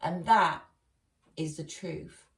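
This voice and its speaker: Low-pitched and creaky, a woman talks slowly through a casual tarot reading, chatty and quick to laugh with her viewers. Echo fills the room, and she's well away from the microphone.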